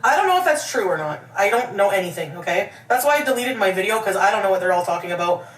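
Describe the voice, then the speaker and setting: A woman's voice: medium pitch, big pitch swings, fast. A woman chatting on a livestream in a dramatic, defensive way, often laughing. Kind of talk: livestream chat. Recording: echoey, distant, noisy clip.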